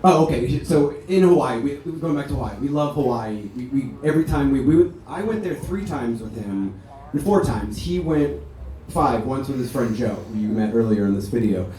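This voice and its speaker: Man delivering a eulogy: mellow, animated anecdotes, distant mic in a reverberant ballroom. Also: mid-range voice, normal speed, a little hiss or hum. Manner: chatty, animated storytelling. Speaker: son giving a eulogy. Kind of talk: memorial speech with anecdotes. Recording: echoey hall, speaker heard from a distance.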